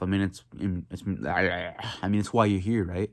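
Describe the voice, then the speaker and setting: A man's voice: low-pitched, fairly even intonation, measured pace, few pauses, dry recording, studio quality. A young man teaching an in a casual home video lesson, rambling and self-mocking with many fillers. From United States. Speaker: host teaching an accent.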